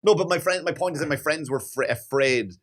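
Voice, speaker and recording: A man in his thirties co-hosting a casual podcast chat, telling lively stories, acting out quoted voices and laughing often. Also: on the high side, fairly quick. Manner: animated storyteller, acts out quoted voices, swears and laughs often. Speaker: podcast co-host.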